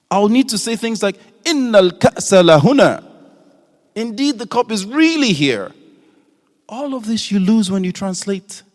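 A man teaching an audience, asking them questions as he explains. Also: high-pitched. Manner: engaging, asks the audience questions. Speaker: Islamic teacher. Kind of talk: lecture to an audience. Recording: long hall reverb.

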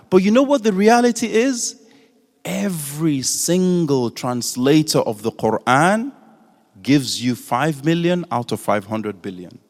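A man teaching an audience, asking them questions as he explains. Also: high voice. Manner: engaging, asks the audience questions. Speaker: Islamic teacher. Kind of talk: lecture to an audience. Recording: long hall reverb.

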